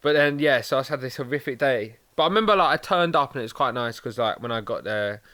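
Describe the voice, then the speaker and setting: A man's voice: mid-range voice, lively intonation, fast, bright, forceful tone, no echo. A young man co-hosting a podcast in casual chat, teasing his friend and swearing casually. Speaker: podcast co-host.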